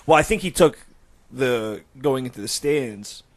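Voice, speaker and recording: A man's voice: medium pitch, animated, measured pace. Man in loose, filler-heavy podcast chat.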